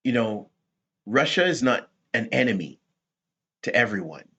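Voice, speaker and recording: A man hosting rambling political commentary, talking in a rhetorical, animated way. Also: medium pitch, measured pace, breathy edge, highs cut off. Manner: animated, rhetorical, laughs at his own points.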